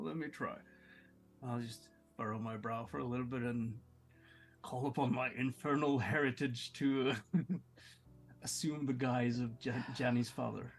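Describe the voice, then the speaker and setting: A man's voice: mid-range voice, vocal fry. Hesitant man, faint music behind. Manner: hesitant, with many "uh" fillers. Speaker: player. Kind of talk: casual tabletop banter.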